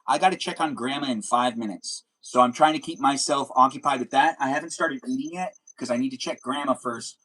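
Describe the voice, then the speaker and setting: A young man hosting a casual livestream with a middle-pitched voice. He rambles in a loose, jokey way and keeps tossing questions at his guests. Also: a little fast, hardly any pauses, a bit bright, slightly rough, poor audio. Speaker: livestream host.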